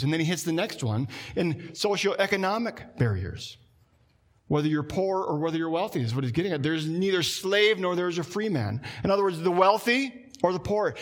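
A man preaching a sermon in a conversational way, slowing down and dropping his voice for emphasis. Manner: conversational preaching, slows down and drops low for emphasis. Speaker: pastor.

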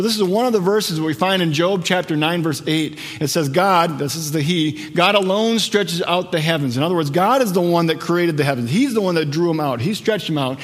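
A male pastor giving a conversational sermon, often dropping low and quiet for emphasis, in a church hall. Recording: long hall reverb.

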